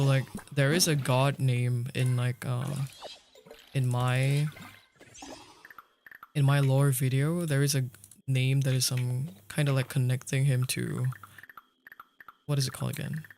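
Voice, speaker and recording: A man's voice: medium pitch, little pitch movement, a little slow, pauses often, a little mellow, a little hiss or hum. Chatty young man streaming games. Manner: rambling, laughs often, chatty with viewers. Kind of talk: casual livestream chat while gaming. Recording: faint background music.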